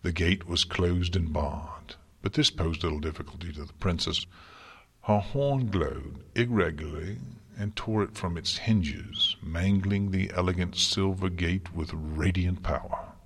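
A man narrating a story in a slow, hushed, solemn way, sometimes dropping to a whisper. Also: sits low, husky. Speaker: story reader. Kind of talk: narrating fan fiction. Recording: long hall reverb.

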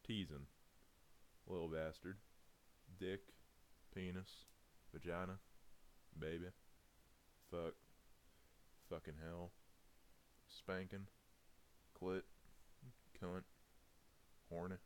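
A man's voice: deep voice, level tone, very slow, long pauses, slight background noise. A man doing a casual audio reading challenge, rambling and chuckling between words. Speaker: audio content creator.

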